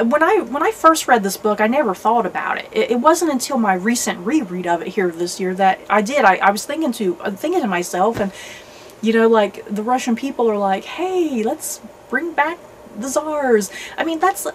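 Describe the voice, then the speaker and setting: A woman with a somewhat high voice talks through a book review in a loose, conversational way. She hedges her opinions thoughtfully, restarting sentences and leaning on "you know" as she goes. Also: slight background noise, low-quality recording. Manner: thoughtful, hedging. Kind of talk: casual book review chat.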